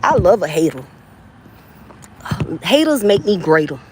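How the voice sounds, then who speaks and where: A Southern US woman chats casually with viewers on a livestream, brash and playful, laughing a lot and swearing freely. Her voice is fairly low with big pitch swings and a measured pace, and there's a little hiss or hum in the audio.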